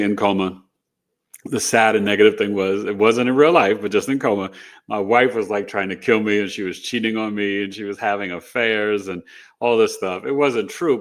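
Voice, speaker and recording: Middle-aged man telling a personal story. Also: lowish voice. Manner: animated, re-enacts dialogue in the telling; rambling with fillers like "you know" and "right?". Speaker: interview guest, astrologer. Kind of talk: personal storytelling in a casual interview.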